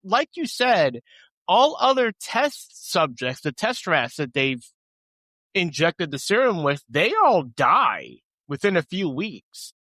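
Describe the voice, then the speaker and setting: Man, podcast co-host, slightly higher voice, dry close recording, casual recap style. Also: very animated, slow, sharp tone, no echo. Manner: conversational, recaps plot with asides. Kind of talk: casual chat.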